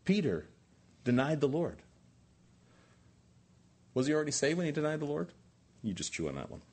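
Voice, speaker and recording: A man's voice: fairly high pitch, big pitch swings, normal speed, darkish tone, breathy edge. A man preaching a sermon as pastor, with rising emphatic peaks and rhetorical questions to the congregation.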